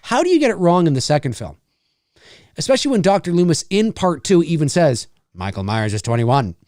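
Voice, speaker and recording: A man hosting a podcast, giving animated live commentary on a movie like a showman. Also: fairly high pitch, brisk, dry recording, clean studio sound. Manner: animated, showman-like, keeps saying "ladies and gentlemen". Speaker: podcast host.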